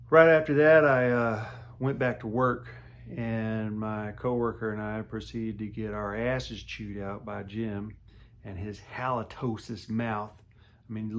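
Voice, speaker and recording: A man's voice: lowish voice, slight background noise. A man telling his own story in a casual, earnest way, speaking straight to the viewer and repeating himself for emphasis. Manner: earnest, repetitive and emotional, talks to the viewer directly. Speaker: storyteller recounting quitting smoking.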